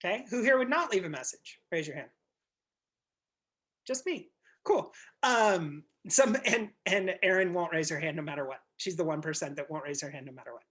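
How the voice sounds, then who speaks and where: A man coaching a group of real estate agents over a video call, blunt and animated, swearing and acting out little scenes. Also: a little high, moderate pace.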